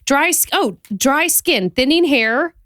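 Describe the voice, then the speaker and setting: A woman co-hosting a casual chat podcast, laughing often and reading facts aloud with quick energy. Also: high-pitched, lively intonation, a bit bright, dry recording. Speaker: podcast co-host.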